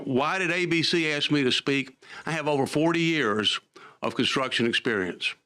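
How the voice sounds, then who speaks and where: An older man testifies before a committee as a lawyer. His voice is bright and forceful, and he lays out his points with emphatic, animated explanation while keeping to an ordinary middle pitch. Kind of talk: formal testimony.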